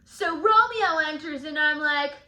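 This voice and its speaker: Here is a woman as Tybalt, a cocky and touchy young swordsman who guides a study lesson. The delivery is slangy and sarcastic, pitched high and bright. The sound is recorded in an echoey room. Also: measured pace, exaggerated voice. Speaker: teacher in character as Tybalt.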